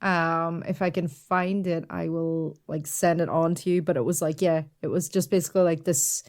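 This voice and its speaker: Podcast co-host, woman, lowish voice, rambling casual delivery. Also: fairly even intonation, moderate pace, a little mellow. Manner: rambling, heavy use of "like". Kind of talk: casual chat.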